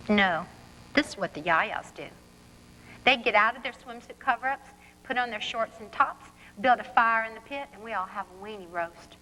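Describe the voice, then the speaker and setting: Woman author reading aloud, bright and fairly high, echoey college hall. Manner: vivid first-person storytelling. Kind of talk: reading her fiction aloud. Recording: reverberant hall, faint background noise.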